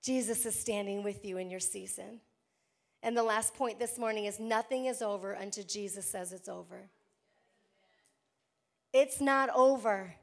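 A woman pastor preaching a sermon, reading scripture aloud and swinging between loud declarations and hushed, slow emphasis, repeating key lines. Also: mid-range voice, vocal fry.

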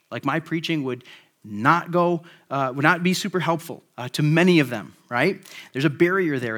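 A pastor delivers a casual, conversational sermon, sprinkling in lots of "like" and tag questions such as "right?" His mid-range voice sounds a bit bright.

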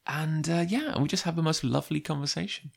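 A man's voice: a little high, brisk, gravelly. A man telling a personal anecdote in a chatty, rambling way with lots of fillers. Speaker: comic creator. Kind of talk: casual personal storytelling.

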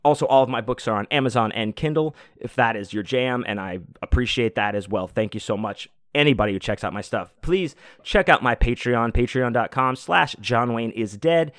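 A man's voice: medium pitch, normal speed, hardly any pauses, a bit bright, no echo, clean studio sound. A man hosting a podcast, telling a story in a casual, profane, laid-back way and laughing often. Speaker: podcast host.

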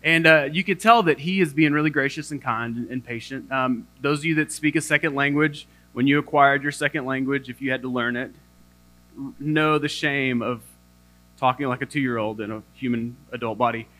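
A man's voice: mid-range voice, steady tone, moderate pace, pushed and bright. A young adult male pastor giving a sermon, telling a self-deprecating story with humor.

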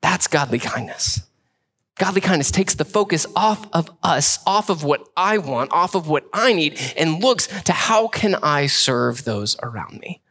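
Pastor, thirties, relaxed conversational sermon with bursts of animation. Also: male voice, fairly high pitch. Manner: conversational, animated preaching with quick asides.

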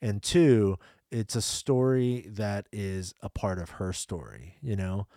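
Earnest, reflective man with a low voice. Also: takes it slowly, dark tone, no room sound, clean studio sound. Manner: reflective, earnest, with frequent "you know". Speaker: parent and co-host discussing faith. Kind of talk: casual conversation.

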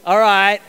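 Male pastor, sermon, energetic, joking asides, fairly high voice, sharp forceful tone, long hall reverb. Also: clean tone. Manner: energetic, repeats key phrases, jokes with the audience.

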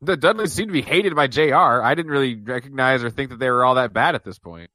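A man co-hosting a podcast in casual chat, relaxed and rambling. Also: mid-range voice, fast talker, no echo. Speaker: podcast co-host.

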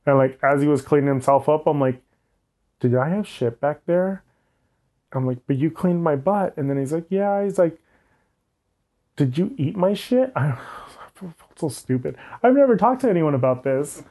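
A man's voice: a little high, normal speed, dark tone. A young man telling a candid personal story, frank and often laughing, with many "like"s. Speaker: guest.

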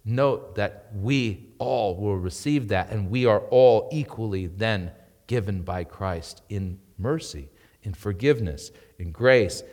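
Male pastor preaching emphatically, lower voice, long hall reverb. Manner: emphatic preaching with rising and falling intensity. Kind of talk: sermon. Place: church.

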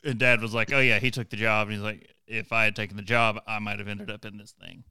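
Bright, crisp Eastern Kentucky man. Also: on the low side, flat delivery, fast talker, no echo. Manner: rambling, self-deprecating, laughs often. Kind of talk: casual chat.

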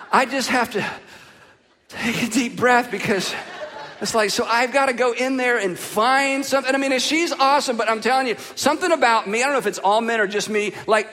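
A pastor preaching a sermon in an animated, conversational way with joking asides. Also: male voice, very high-pitched, brisk, in a large hall, slight background noise.

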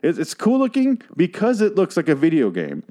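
A man casually recapping a TV episode in a sarcastic, profane, rambling way, sometimes trailing off into quiet mutters. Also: a little high, wildly swooping pitch, a little fast. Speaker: show recap host.

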